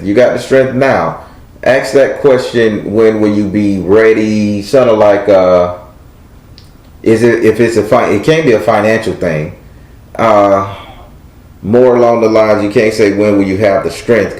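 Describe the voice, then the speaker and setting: A man's voice: lowish voice, darkish tone, echoey room. A man giving a live tarot reading as host, blunt, preachy and emphatic.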